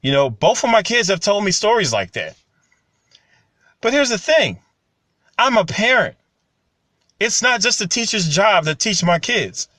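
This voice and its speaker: A man, talking casually and getting animated when he tells stories. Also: high voice, unhurried, pauses often, no room sound. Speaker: commentary channel host. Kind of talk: casual monologue to camera.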